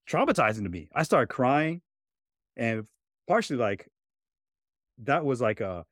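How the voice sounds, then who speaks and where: A man's voice: medium pitch, big pitch swings, a little slow, long pauses, no room sound, clean studio sound. A man co-hosting a podcast, telling a childhood story in a reflective, casual way, full of "right?" and "you know". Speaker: podcast co-host.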